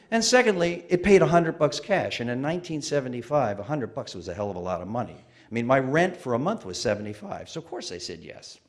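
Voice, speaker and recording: A man in his fifties telling a wry, self-deprecating personal story on stage. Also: mid-range voice. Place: museum stage.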